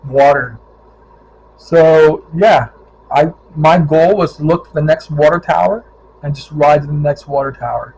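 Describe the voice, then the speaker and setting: A middle-aged man from Ohio chats through a casual vlog, telling road stories with lively acted-out quotes. His voice sits a little high for a man. Faint ambient noise hums behind him. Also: a little slow, rough recording. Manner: animated storyteller, acts out quoted voices. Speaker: vlogger, touring cyclist.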